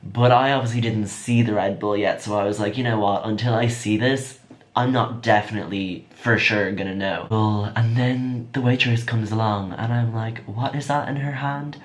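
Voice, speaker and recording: A young man telling a chatty, excitable storytime vlog. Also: on the low side, normal speed. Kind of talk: casual storytime.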